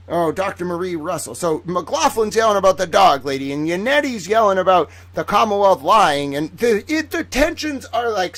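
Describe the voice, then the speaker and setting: A man hosting a livestream, talking excitedly to his viewers in a theatrical way that swings between hushed asides and loud bursts. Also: sits high, dry recording. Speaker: livestream host.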